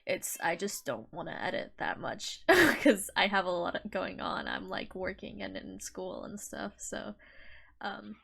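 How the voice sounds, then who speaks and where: A woman's voice: medium pitch, lively intonation, a little slow, vocal fry, a bit bright, slightly rough. Rambling young woman podcast co-host. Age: young adult. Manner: rambling, full of fillers and restarts, giggly. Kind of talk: casual chat.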